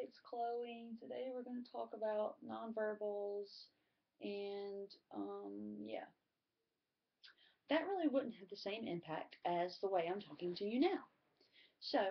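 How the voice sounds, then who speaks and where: Woman with a gravelly, husky low voice. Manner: conversational, many fillers like um. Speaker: student presenter. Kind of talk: class presentation on communication. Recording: muffled lo-fi recording.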